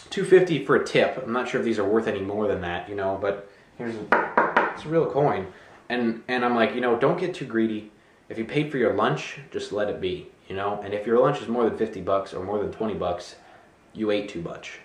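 A man's voice: lowish voice, lively intonation, moderate pace. A man telling a casual, rambling story as he shows a money magic trick, acting out his own thoughts. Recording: echoey room.

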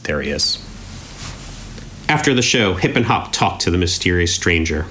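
A man's voice: deep voice, sing-song, moderate pace, bright, forceful tone, a little hiss or hum. A man hosting a children's storytime, reading his own book aloud in a playful, self-deprecating way. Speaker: children's author and host.

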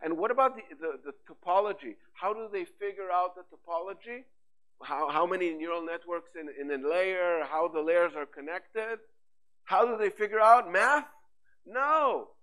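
A man giving a conference talk on AI, lively and rhetorical, with frequent fillers and restarts. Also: high voice, moderate pace, rough recording. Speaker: conference speaker. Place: conference hall.

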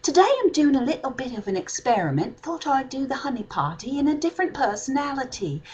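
Woman vlogger at home, put-on British accent, lively sing-song delivery, slightly husky tone. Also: sits high, fairly quick, poor audio. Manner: playful, chatty, savoring. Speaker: vlog host. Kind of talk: casual home vlog.

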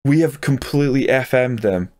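A young man with a mid-range voice talks at normal speed while playing his football management game for YouTube, recorded in a clean studio with no echo. He's excitable, getting worked up over goals and swearing when one goes in.

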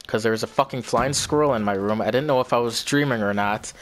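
A man's voice: mid-range voice, quick pace. Young male vlogger, casual rambling storyteller who curses a lot, faint background hiss. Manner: rambling, swears often, repeats himself.

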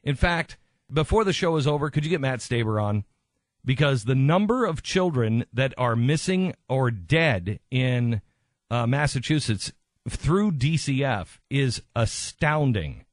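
A man's voice: mid-range voice, animated, unhurried, no room sound, clean studio sound. A man hosting a radio talk show, speaking in an impassioned, emphatic way and often repeating himself for stress.

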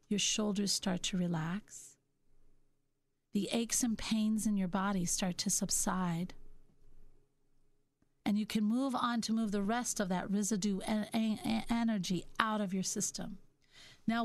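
A middle-aged woman hosting a reflective self-help talk, musing gently and slowing down on her key points. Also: mid-range voice, vocal fry. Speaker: podcast host.

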